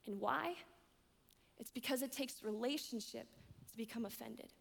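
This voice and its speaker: Woman preaching, high voice, punchy and repetitive, big echoey hall. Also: moderate pace, creaky. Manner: emphatic, repeats key lines, swings between loud and hushed. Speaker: young adult director preaching. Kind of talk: sermon. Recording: long hall reverb.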